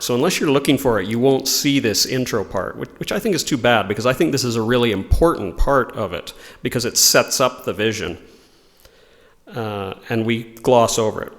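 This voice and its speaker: A man's voice: mid-range voice, lively intonation, moderate pace, in a large hall. A man giving an informal religious lesson, explaining ideas in a thoughtful way and reading quotations aloud. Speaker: religious teacher.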